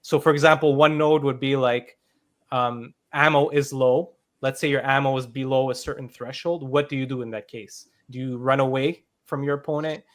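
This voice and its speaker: A man's voice: mid-range voice, steady tone, normal speed. A man, a game founder, explaining his game in a live interview, with many fillers and restarts. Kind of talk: interview answers.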